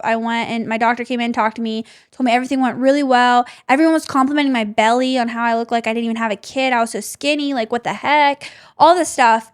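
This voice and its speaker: A chatty young woman who hosts a podcast tells a personal story in a casual chat, saying "like" constantly. For the tense parts, she drops to a soft, low voice.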